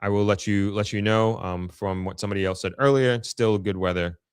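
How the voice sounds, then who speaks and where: A man with a Long Island accent hosts a casual live stream, chatting and answering viewers. His voice sits on the low side, and the close microphone sounds dry, with no room echo. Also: steady tone, brisk, smooth. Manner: chatty, upbeat, reads viewer comments aloud. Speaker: livestream host reading chat.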